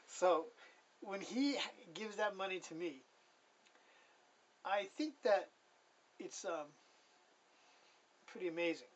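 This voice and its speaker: A man's voice: high voice, slow pace, long pauses, recorded from a distance, poor audio. A man telling his personal testimony in a casual, rambling way. He corrects himself often and chuckles as he goes.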